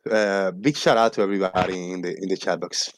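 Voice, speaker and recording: A man's voice: low-pitched, fairly even intonation, brisk, dry recording. A man hosting a casual livestream, talking animatedly, swearing freely and acting out phone callers in a raised voice. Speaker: livestream host.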